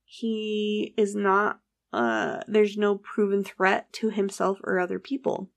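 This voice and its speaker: Gravelly-voiced woman telling a story. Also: mid-range voice, slow. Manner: animated, acts out quoted dialogue, swears casually. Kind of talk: casual true-crime storytelling.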